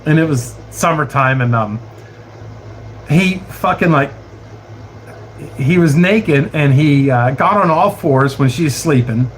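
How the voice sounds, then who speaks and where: A man spins a long, profane anecdote in a loose, laughing way. His voice sits fairly high for a man. A faint bed of noise runs under the recording. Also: takes it slowly, pauses often. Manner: profane, laughing, animated storyteller. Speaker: streamer reading chat stories. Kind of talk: casual livestream storytelling.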